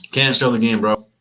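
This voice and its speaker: A man's voice: on the low side, pushed and bright. Laid-back, rambling man on a livestream. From Flint, Michigan. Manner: rambling, chatty, laid-back, repeats himself. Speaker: sports livestream host. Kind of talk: casual chat on a live stream.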